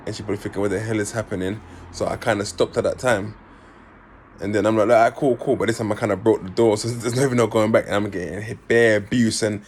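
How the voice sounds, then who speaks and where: Animated guy telling a story. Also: mid-range voice. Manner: animated, acts out voices, London slang. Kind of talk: casual storytelling.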